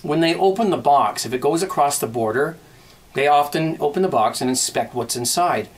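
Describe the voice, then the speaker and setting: A man hosting a casual homebrewing vlog, talking in a halting way with many restarts and plenty of thanks. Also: fairly high pitch, animated. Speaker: homebrewing vlogger.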